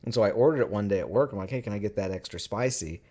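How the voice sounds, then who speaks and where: A man with a fairly low, dark and mellow voice, talking casually on a podcast. He is laid-back and conversational, tossing in quick agreements while his co-host talks. Nothing is performed; it is plain friendly chat. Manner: laid-back, drops supportive interjections.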